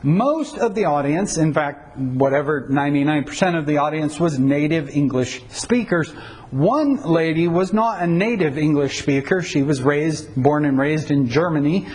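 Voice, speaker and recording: Man pastor with a slightly high voice. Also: normal speed, darkish tone, slightly rough, low-quality recording. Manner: conversational, self-correcting, uses anecdotes and wry humor. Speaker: pastor teaching on Bible translation. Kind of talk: informal teaching talk.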